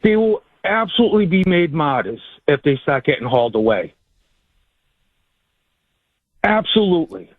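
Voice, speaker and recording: A man calling in to a talk radio show, his voice a little high. He repeats words and restarts as he insists on his point. His voice is thin and narrow, like a phone line. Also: sing-song, normal speed, pauses often, no room sound. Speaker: first-time caller. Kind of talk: radio call-in.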